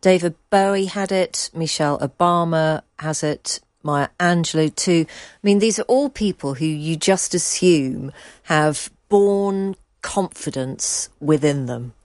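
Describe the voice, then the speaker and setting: A woman's voice: low-pitched, a little slow, a little mellow, dry recording, studio quality. A woman hosting a podcast, prompting her guest with chatty questions. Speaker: podcast host. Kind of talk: interviewing a guest.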